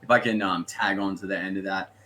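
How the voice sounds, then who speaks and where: A man's voice: low-pitched, steady tone, a little fast, sharp tone, a little hiss or hum. An Australian man co-hosting a tabletop game stream, plugging the channel in a jokey way. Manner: jokey, promotional. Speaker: player and stream co-host. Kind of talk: casual stream chat.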